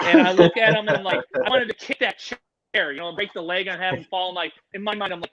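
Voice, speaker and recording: A middle-aged man talks as a podcast guest. He spins loud, profane stories with lots of energy. His voice sits high and bright, and it is recorded dry and close. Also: fast talker, no echo, dull audio. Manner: loud, profane, animated storyteller. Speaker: guest, animal presenter. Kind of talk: casual storytelling chat.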